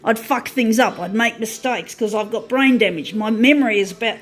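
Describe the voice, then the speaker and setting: A woman's voice: on the high side, normal speed. Woman on a profane, fiery rant. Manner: profane, ranting, half-laughing. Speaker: vlogger. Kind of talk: angry ranting product demo. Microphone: phone.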